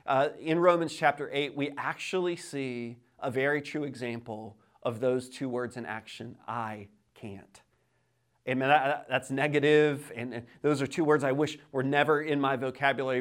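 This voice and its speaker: A man in his thirties preaching a sermon as pastor, telling stories in an animated way and often repeating words as he starts a sentence. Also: a little high. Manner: lively, animated storytelling with quoted voices.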